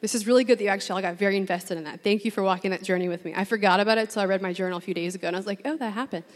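A young woman from New Orleans telling a personal story to a room full of women, chatty and animated, laughing often and saying 'like' a lot. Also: mid-range voice, racing. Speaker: speaker addressing a women's gathering. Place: large room with an audience. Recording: long hall reverb.

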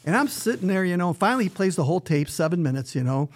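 A man who works as a hockey radio announcer tells a story as a podcast guest. He is an animated storyteller who acts out the dialogue he quotes. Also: sits high, fast.

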